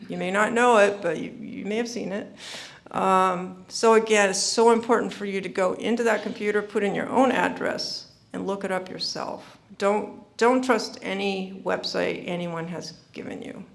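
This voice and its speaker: A woman's voice: medium pitch, steady tone, moderate pace, vocal fry. A woman giving an earnest, informal presentation on avoiding scams, repeating her warnings and using many fillers. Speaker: speaker at a senior scam-prevention summit.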